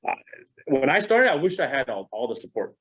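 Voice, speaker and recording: Man, middle-aged, real estate trainer, casual training talk, conversational, animated, self-deprecating, mid pitch. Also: fairly quick, low-quality recording.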